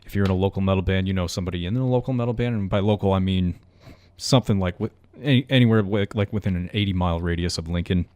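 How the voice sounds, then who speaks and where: A man's voice: low voice, very fast, few pauses, a little mellow, slight background noise. A young man hosting a college radio metal show, chatting casually in a rambling, self-mocking way. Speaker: radio host.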